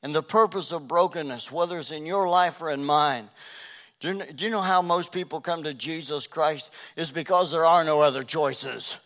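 A man preaching a sermon, emphatic, rising to loud declarations as he quotes scripture. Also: a little high, moderate pace.

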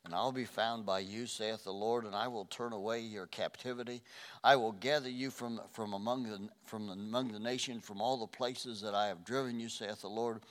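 An older man preaching a sermon, earnest, dropping to a hush and then rising loud. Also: lowish voice, fairly even intonation, moderate pace. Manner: earnest, swings from hushed to loud. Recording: reverberant hall.

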